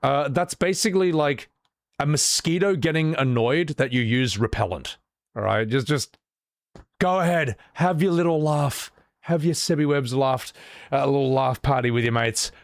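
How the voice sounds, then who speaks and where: A man's voice: mid-range voice, moderate pace, no room sound, studio quality. A man streaming live, chatting casually with his viewers, blunt and profane as he vents his exasperation, often restarting his sentences. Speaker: livestreamer. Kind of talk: casual livestream chat.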